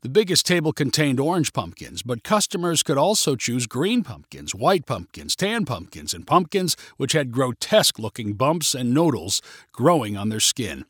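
A man reading a story aloud as narrator, in a clear, expressive way. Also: medium pitch, moderate pace, no echo, studio quality.

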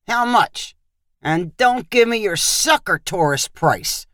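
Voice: medium pitch, animated, moderate pace, a bit bright, clear, resonant tone, dry recording, studio quality, natural voice. A narrator voicing a brash, arrogant male American tourist who bargains harshly, in an audio short story reading.

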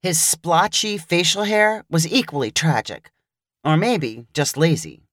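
A woman reads a scripted short story with wry, expressive storytelling. Her voice sits on the low side yet moves through a wide, lively pitch range. The sound is close and dry, with no room around it. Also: measured pace, no echo. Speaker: narrator.

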